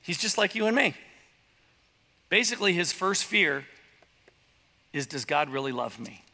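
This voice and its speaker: Animated preaching man in a church hall. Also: on the high side. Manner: animated preaching with voiced asides and quick impressions. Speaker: pastor. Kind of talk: sermon. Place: church sanctuary.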